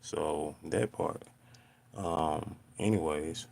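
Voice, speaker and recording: A man hosting a casual live stream from home, chatting with viewers and ranting in an animated, exasperated way full of slang. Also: rumbling low, drawn-out words, gravelly.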